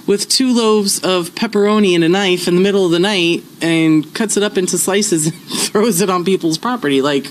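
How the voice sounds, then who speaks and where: Man in a news clip, high voice, annoyed and disbelieving, faint noise underneath. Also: moderate pace, rough recording. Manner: exasperated, indignant.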